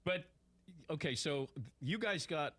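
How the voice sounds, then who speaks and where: A man's voice: a little high, animated, measured pace, sharp tone, dry recording. A man interviewing a guest, prompting him with questions and laughing along. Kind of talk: conversational interview.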